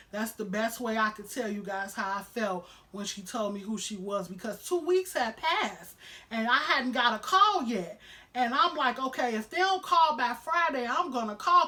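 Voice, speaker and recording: A woman's voice: fairly high pitch, a bit bright. A woman vlogger telling a personal story to camera at home, emotional and candid, with a lot of "you know" fillers.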